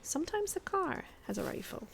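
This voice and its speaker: A woman's voice: very high voice, sing-song, a little fast, gravelly, a little hiss or hum. A woman streaming a survival game from home, chatting and thinking aloud in a put-on Scottish accent and poking fun at herself. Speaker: guest streamer. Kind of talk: casual gameplay commentary.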